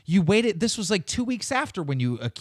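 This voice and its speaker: Podcast host, male, combative and profane; slightly high-pitched, very dry close sound. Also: very animated, fairly quick, dry recording. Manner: emphatic, swears often, repeats himself when pressed. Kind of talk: heated argument on a podcast.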